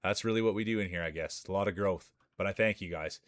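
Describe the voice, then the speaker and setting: Guy doing hype marble race calls on stream, lowish voice, dry close sound. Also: fast talker, no echo. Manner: hyped sports-announcer cadence, chatty asides. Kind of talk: live marble race commentary.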